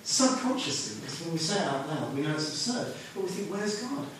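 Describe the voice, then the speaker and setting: A man's voice: on the high side, big pitch swings, fast, fairly bright tone, a little hiss or hum. A man preaching a sermon in a conversational storytelling manner. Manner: conversational, storytelling, half-sings lyrics. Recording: echoey room from far off.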